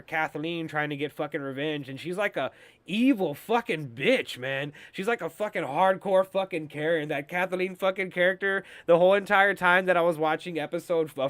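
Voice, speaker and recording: A man's voice: on the high side, a bit bright, clean tone, no room sound. A young man hosting a show, recapping TV episodes in a loose, rambling, swear-heavy casual style full of fillers. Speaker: show host reviewing TV episodes.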